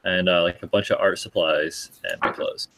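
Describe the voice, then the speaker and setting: A man's voice: low voice, normal speed, dry recording. A man talking in a casual group chat, joking and swearing freely. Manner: lively, jokey, swears freely. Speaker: guest.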